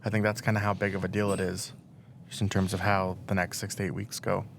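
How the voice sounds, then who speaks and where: Man, sports reporter, lowish voice, steady analysis, casual podcast, faint noise. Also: fast talker, gravelly.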